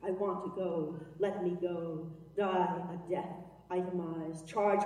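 A woman's voice: on the low side, steady tone, slow pace, a little mellow. A woman giving a dramatic spoken-word performance, chanting and sometimes half-singing her lines. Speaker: performance poet. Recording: reverberant hall, from far off.

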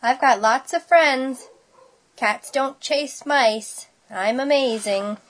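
A woman's voice: on the high side, expressive, moderate pace, a bit bright. Woman doing Splat, a whiny little boy kitten. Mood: proud. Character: young boy kitten, anxious and curious. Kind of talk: storybook read-aloud.

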